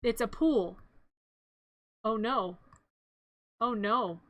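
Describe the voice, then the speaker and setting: A woman's voice: a little high, very slow, no echo. A woman streamer retelling a film as a comedy bit, playful and rambling, with frequent asides.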